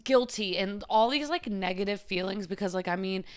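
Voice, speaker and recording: A woman's voice: medium pitch, normal speed, smooth. A woman vlogger giving casual, candid advice in a chatty way, often saying "like". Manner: chatty, frequent filler "like"; open and confiding.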